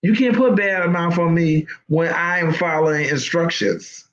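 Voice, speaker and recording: A woman's voice: on the low side, a little slow. A woman life coach giving an emphatic, preachy motivational talk, repeating her points for emphasis. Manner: emphatic, preachy exhortation with repetition. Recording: roomy, dull lo-fi sound.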